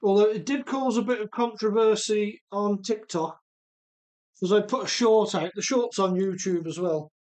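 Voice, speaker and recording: A man's voice: high voice, normal speed, a little mellow. A man hosting a live stream in his home workshop, chatting easygoing and laughing often as he reads out viewer comments. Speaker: host of a radio-controlled car live stream.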